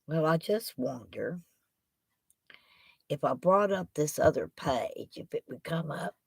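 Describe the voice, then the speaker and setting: A woman's voice: low voice, lively intonation, measured pace, gravelly, breathy edge, no echo. A woman hosting a casual live stream. She rambles in a folksy way and talks straight to her chat from a laptop at home. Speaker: livestream host. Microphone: laptop microphone.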